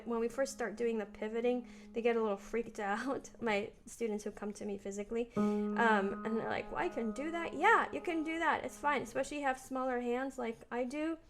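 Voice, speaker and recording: Chatty woman teaching piano over loud playing. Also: fairly high pitch, moderate pace. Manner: relaxed, chatty, thinking aloud while playing. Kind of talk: casual piano practice lesson.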